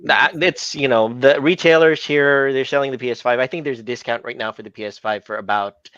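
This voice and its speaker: A man's voice: mid-range voice, a little fast, fairly bright tone, clean tone, no room sound. Male panelist on a dull, lo-fi line. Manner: laughs often, brief interjections. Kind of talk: casual panel chat.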